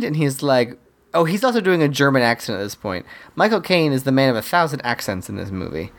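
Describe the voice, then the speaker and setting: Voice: mid-range voice, lively intonation, brisk. A podcast co-host casually retelling a movie's plot, acting out the characters' lines and laughing often. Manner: chatty storyteller, acts out quotes, laughs often.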